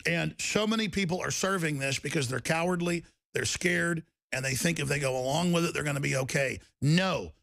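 Ranting middle-aged man, gravelly, higher-pitched voice, dry close sound, broadcast monologue. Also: brisk, no room sound. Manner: ranting, shifting from loud outbursts to low intensity. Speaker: talk show host.

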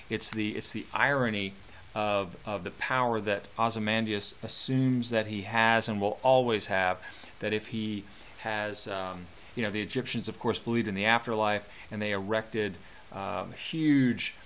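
A man teaching a poetry lesson, talking in a halting way with many fillers and restarts. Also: lowish voice. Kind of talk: poetry lecture.

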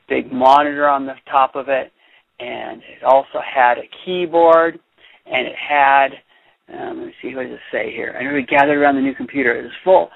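Man reading a picture book to a class, animated and chatty; husky, dry, phone-line audio. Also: medium pitch, normal speed, no echo. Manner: animated, chatty, stops to explain. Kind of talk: read-aloud storytelling with commentary. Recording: dry, tinny phone-like sound.

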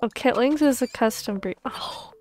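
A young woman streaming a pet game, gushing and cooing over the animals and often dropping into soft whispers. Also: a little high, normal speed. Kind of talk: casual gaming stream chatter. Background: faint background music.

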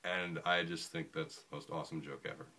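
A man casually telling a chatty, animated anecdote. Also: a bass voice, fairly quick. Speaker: storyteller.

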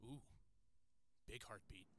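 A man's voice: slow pace, very noisy. A man hosting a let's play, commenting on the game in an enthusiastic, chatty way. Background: game music.

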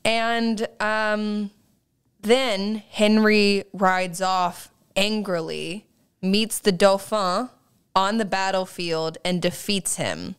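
Young female co-host, smooth clear tone, dry humor, conversational. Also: medium pitch, steady tone, drawn-out words. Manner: wry, recaps scenes with mock quotes. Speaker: podcast co-host. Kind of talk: casual chat about film.

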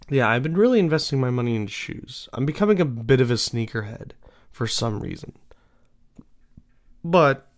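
A young man with a mid-range voice hosts his own show, chatting casually and solo at a slow, unhurried pace. His smooth, clear voice wanders from thought to thought, full of fillers and false starts.

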